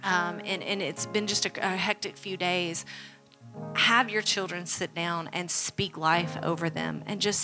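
A woman's voice: fairly low pitch, steady tone, unhurried, music in the background. A woman pastor preaching a sermon at a church service, making earnest, repeated appeals to the congregation. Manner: earnest, repetitive exhortation.

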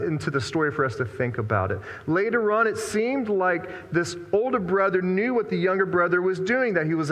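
A man preaches in a slightly high voice, thinking aloud as he retells a story. His words hang in a long hall reverb, as in a church. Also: a bit bright. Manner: reflective, conversational storytelling. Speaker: pastor. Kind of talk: sermon.

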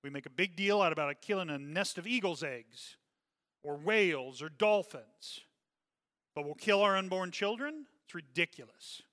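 A man's voice: on the high side, normal speed, fairly bright tone, long reverb tail. A man leading a Bible study as pastor, earnest and often checking in with "okay?".

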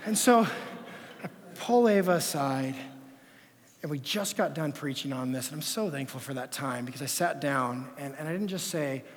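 A man preaching a sermon as pastor, telling stories in an animated way that swings between loud passages and hushed ones. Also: a little high, moderate pace. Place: church sanctuary. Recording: long reverb of a church hall.

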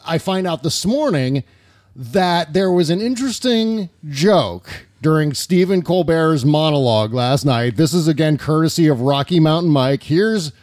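A man hosting a political comedy podcast, rambling and profane and quick to laugh. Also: fairly high pitch, lively intonation, a little mellow, no room sound, clean studio sound. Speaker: podcast host. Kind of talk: casual political comedy chat.

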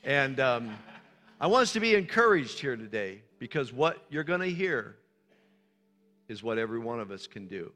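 A man's voice: mid-range voice, sing-song, normal speed, sharp tone. A man preaching as a pastor, speaking informally to his congregation and asking it short questions. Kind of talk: sermon. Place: church hall. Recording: church hall reverb.

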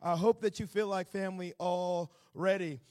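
A man in his thirties from Georgia with a Southern accent, preaching as a guest with folksy humor and sudden loud bursts. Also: high-pitched, fairly even intonation, moderate pace. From Atlanta, Georgia. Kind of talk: sermon.

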